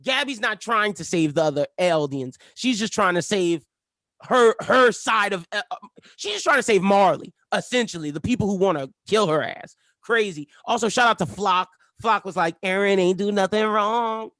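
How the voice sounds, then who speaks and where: A man's voice: high voice, lively intonation, normal speed, pushed and bright, dry recording, studio quality. A man co-hosting a podcast in casual chat, leading the rundown of episodes and laughing often. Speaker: podcast co-host.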